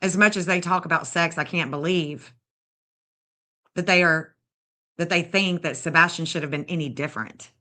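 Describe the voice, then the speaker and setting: A woman's voice: lowish voice, moderate pace, pauses often, pushed and bright. A woman, bluntly and indignantly scolding as she comments on a livestream. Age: 50s. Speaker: true crime streamer.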